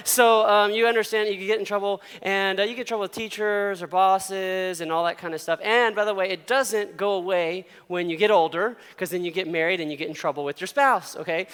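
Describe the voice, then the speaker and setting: A man in his thirties gives a casual sermon, telling stories with frequent laughs and playful voices for the people in them. His voice sits high and comes through clear and smooth. A long reverb trails behind him as in a large hall. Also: a bit bright. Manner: chatty, laughs often, acts out quotes. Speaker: youth pastor.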